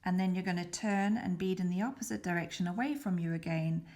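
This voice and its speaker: A woman's voice: fairly low pitch, fairly quick, darkish tone. A woman giving a patient, methodical beading demonstration, dropping to a whisper now and then as she works. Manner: patient, methodical, slipping into a whisper while concentrating. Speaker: beading tutor. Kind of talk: step-by-step craft demonstration.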